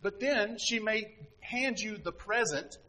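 A man preaching to his congregation in a talky, conversational way, leaning on rhetorical questions. His voice is bright and forceful, sitting a little high for a man. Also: measured pace, low-quality recording. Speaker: pastor. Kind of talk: sermon.

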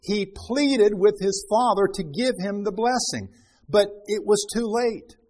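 A man's voice: high-pitched, unhurried, a little mellow. A man preaching a Bible-teaching sermon, reading scripture aloud with rising emphasis and then explaining it in loose, restarting talk.

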